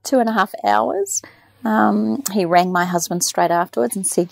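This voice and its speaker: A woman telling a lively story in casual chat, acting out the people she quotes. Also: mid-range voice, normal speed, creaky, no echo. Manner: animated storyteller, mimics nurses. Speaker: podcast guest.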